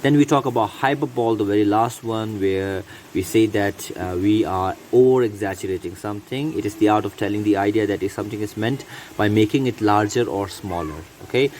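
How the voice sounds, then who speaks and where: A man's voice: lowish voice, fairly quick, darkish tone, slight background noise, poor audio. A man teaching English in a recorded video lesson, explaining patiently and asking his students rhetorical questions.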